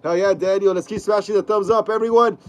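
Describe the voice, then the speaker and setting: A man's voice: high-pitched, steady tone, fast. A young man with a stuffy nose from a cold, hosting a casual live stream from home, reading chat aloud and saying bro a lot. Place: home room.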